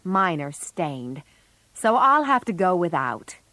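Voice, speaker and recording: Tomboyish teen girl, blunt and unhurried, read by a woman narrator; close, dry storybook sound. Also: lowish voice, very animated, pushed and bright, no room sound, exaggerated voice. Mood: matter-of-fact.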